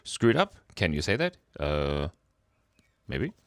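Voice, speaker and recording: A man chatting playfully on his livestream, silly and giggly. His voice sits low but leaps up and down in lively swings. The sound is dry and close, with no room around it. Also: slow, smooth, no room sound. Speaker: livestream host. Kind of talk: casual livestream chat.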